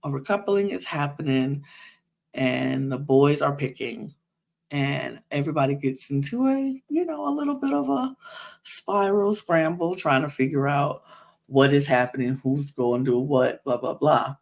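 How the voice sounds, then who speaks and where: A woman hosting a podcast, recapping a reality show in an animated, exasperated rant full of asides. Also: sits low, a little slow, gravelly. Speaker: podcast host.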